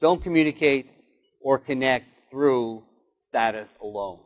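A man's voice: medium pitch, unhurried, rough recording. A man giving a motivational keynote talk, telling stories and doing short animal voices. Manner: storytelling with acted animal voices. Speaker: keynote speaker.

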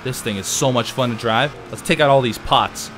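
A man casually commenting while playing a racing game, chatty and jokey with sudden excited outbursts. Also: mid-range voice, moderate pace, music in the background. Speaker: let's play host.

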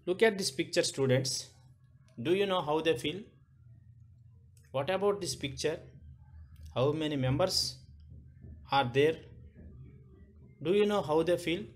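A man's voice: fairly high pitch, unhurried, long pauses. A male teacher with an Indian English accent, giving a lesson to young children, asking questions and repeating points.

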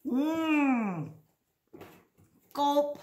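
A woman speech therapist coaches children through sound drills in a playful, exaggerated voice. Her pitch sits high and leaps around in sing-song swoops, and she takes her time over every word. The room around her is echoey. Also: animated, extremely slow, darkish tone. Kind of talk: speech practice lesson for children. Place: home room.

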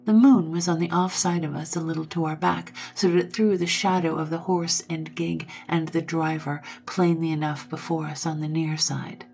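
Low-voiced woman reading a ghost story. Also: vocal fry. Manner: dramatic, with hushed whispered passages. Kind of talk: scripted narration of a ghost story.

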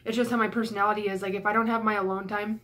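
A young woman venting in a vlog, flustered and breathless, rushing her words with sighs and swearing, stressed and near tears with her voice cracking. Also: mid-range voice, flat delivery, fairly bright tone. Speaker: YouTuber. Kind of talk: emotional vlog rant.

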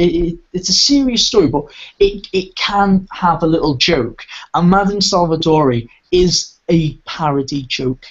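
A man's voice: on the high side, breathy edge. A man hosting a casual podcast review, talking with keen enthusiasm and rambling through frequent restarts. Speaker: podcast host reviewing audio dramas. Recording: dull lo-fi recording.

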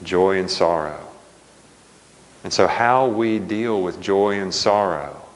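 Middle-aged pastor, fairly low voice, tells stories from the pulpit in a reverberant hall. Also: male voice, slow, slight background noise. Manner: animated storyteller, quotes family dialogue. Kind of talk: sermon storytelling. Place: church sanctuary. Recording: long church reverb.

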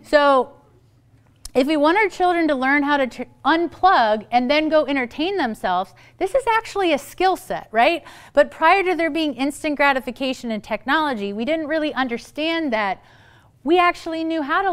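A woman's voice: high voice, expressive, normal speed. A middle-aged woman therapist giving a humorous, chatty talk to parents, acting out the people she quotes. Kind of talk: lively talk to an audience of parents.

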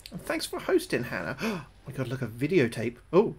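A British man streaming a game live, talking through each move, often repeating himself, thanking his viewers and getting jumpy and loud when spooked. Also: mid-range voice, huge pitch swings, fairly quick, a little hiss or hum. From United Kingdom. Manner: chatty, repeats his own phrases, thanks viewers between moves. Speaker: gaming livestreamer. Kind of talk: live gameplay commentary.

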